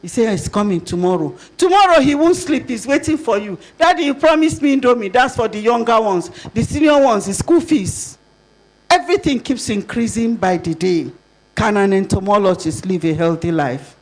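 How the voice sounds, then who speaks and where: An older woman with a Nigerian accent giving a conference talk, lively and asking the audience rhetorical questions. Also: mid-range voice, moderate pace. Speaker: conference speaker.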